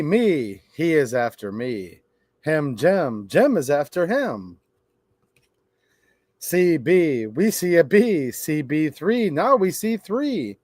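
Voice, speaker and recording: A man's voice: on the high side, a little mellow, no echo. A man hosting a live stream, reading a children's rhyme book aloud in a playful sing-song way.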